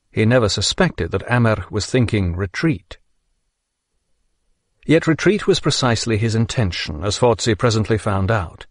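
A man narrating a history audiobook in a measured, steady reading. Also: fairly low pitch, dry recording, clean studio sound.

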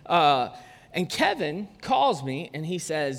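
Joking pastor in a reverberant hall. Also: male voice, a little high, very animated, slow, gravelly, fairly bright tone. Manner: casual, joking, chatty asides. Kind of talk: conversational sermon. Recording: long church-hall reverb.

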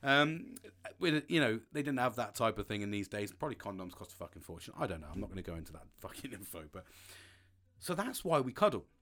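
A man with a somewhat low voice talks in a loose, casual chat. He rambles, starts sentences over and swears freely, in a frank and open way. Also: sing-song, fast, a bit bright, slight background noise. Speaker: podcast host.

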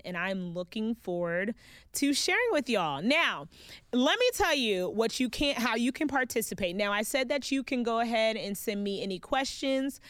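A woman's voice: a little high, fairly bright tone, clear, resonant tone, dry recording. A woman hosting her own podcast, chatting playfully with listeners and calling them babes and y'all. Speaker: podcast host. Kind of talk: casual solo podcast chat.

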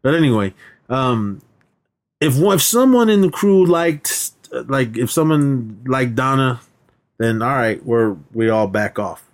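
A man's voice: mid-range voice, expressive, a little slow. Laughing man retelling a movie. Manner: laughs often, acts out characters' lines in a raised voice. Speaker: podcast co-host. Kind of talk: casual movie recap chat.

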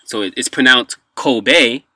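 Podcast host dude asking questions, bright clear voice. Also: male voice, medium pitch, steady tone, moderate pace, no room sound. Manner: asks questions, brief backchannels. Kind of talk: casual podcast interview.

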